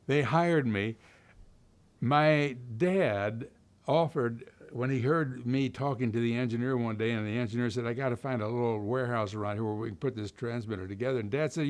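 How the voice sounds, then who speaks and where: A man's voice: mid-range voice, moderate pace. Older guy from kentucky rambling through old stories, lots of uh and restarts, interview chat. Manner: relaxed storytelling with many fillers and restarts. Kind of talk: oral history interview.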